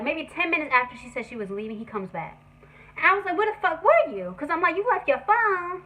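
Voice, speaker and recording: A young woman telling a story on her vlog, animated and profane in a casual way. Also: fairly high pitch, low-quality recording. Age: young adult. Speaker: vlogger.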